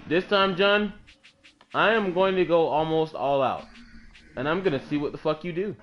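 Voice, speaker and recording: A man's voice: fairly high pitch, normal speed, soft background music. A man hosting a casual gaming session with a friend, crude and teasing, swearing often. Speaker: gaming channel host. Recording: dull lo-fi capture with faint noise.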